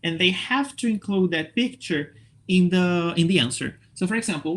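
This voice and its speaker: A man from Brazil giving an online talk to English teachers, upbeat and lively, checking in often with his listeners. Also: sits high, moderate pace. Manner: lively, upbeat, checks in with frequent okay and right.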